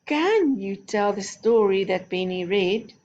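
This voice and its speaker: A woman teacher talking young children through a phonics lesson one step at a time. She speaks slowly, with a very animated, sing-song rise and fall. The recording sounds a little dull and lo-fi. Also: mid-range voice, a little hiss or hum. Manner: patient, step-by-step instructions to a child. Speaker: primary school teacher.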